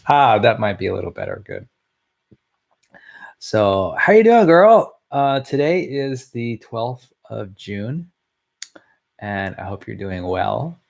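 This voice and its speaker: A man's voice: on the low side, takes it slowly, gravelly, pauses often. A middle-aged man recording a casual video message at home, chatting in a rambling way and chuckling often. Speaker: family member sending a video message.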